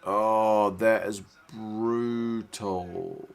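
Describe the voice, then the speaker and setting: A man's voice: on the low side, fairly even intonation, extremely slow, gravelly, clean tone. A man hosting a casual live watch-along from his living room, chatting and answering viewers' questions. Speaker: livestream host.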